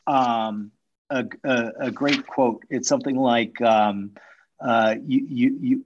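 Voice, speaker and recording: A man from Minnesota hosting a podcast, chatting casually and rambling through restarts. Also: medium pitch. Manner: warm, rambling, lots of restarts and fillers. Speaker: podcast host. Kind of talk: casual interview chat. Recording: dull lo-fi sound.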